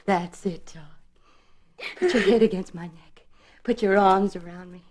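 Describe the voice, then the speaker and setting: An actress playing a tender, anxious young mother in a 1950s radio drama, soothing her child and dropping to soft whispers. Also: medium pitch, moderate pace, close to an everyday voice.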